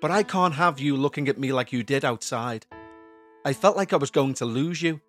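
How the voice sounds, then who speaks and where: A man voicing a troubled young man who speaks low, subdued and earnest. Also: normal speed, faint music behind, close to an everyday voice.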